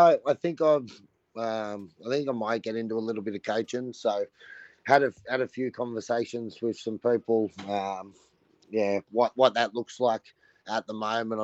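A low-voiced Australian man talks in a laid-back, halting way, full of ums and restarts. The sound is dry and a little muffled, like a remote line. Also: fairly even intonation, a little mellow, no room sound. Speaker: guest, former rugby league player. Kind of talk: casual phone interview.

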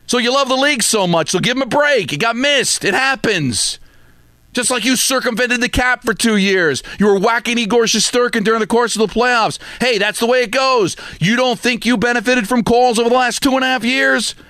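A man's voice: extremely high pitch, brisk, sharp tone, no echo, clean studio sound. A man hosting sports talk, delivering an emphatic, scolding rant full of repetition. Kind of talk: opinionated sports radio rant.

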